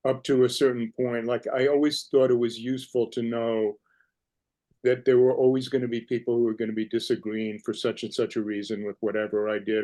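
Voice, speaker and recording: A man's voice: medium pitch, a little mellow. A man speaks on a panel over a video call, thinking aloud as he goes. He halts and restarts, circling back over his words while he searches for what he means. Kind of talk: reflective discussion on a video call.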